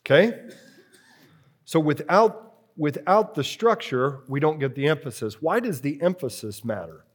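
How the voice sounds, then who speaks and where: Man teaching a workshop, slow deliberate delivery, fairly high voice, repeats key phrases. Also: animated, breathy edge. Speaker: preaching workshop instructor.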